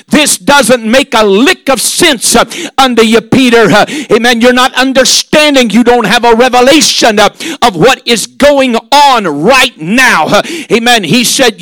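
A man preaching a sermon, emphatic, drawing out and shouting key lines, with many "uh"s and "amen"s. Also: very high voice, normal speed, no echo. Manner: emphatic, punctuated with frequent "uh" and "amen".

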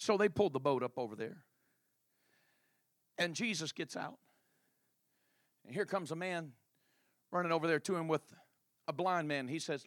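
A male preacher telling a story in a sermon, animated and colloquial. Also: on the high side, moderate pace, long pauses, no room sound, clean studio sound.

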